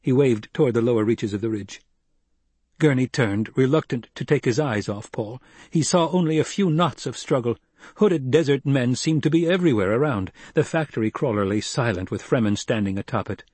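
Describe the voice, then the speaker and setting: Brief: male audiobook narrator, measured storytelling, mid-pitched, slightly breathy tone. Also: lively intonation, a little mellow, no echo.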